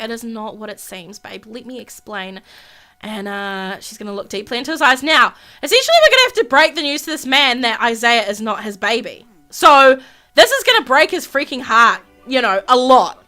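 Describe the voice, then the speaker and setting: A woman's voice: a little high, animated, moderate pace, bright, forceful tone. A woman hosting a gaming video, narrating gameplay in casual chatty commentary with plenty of fillers.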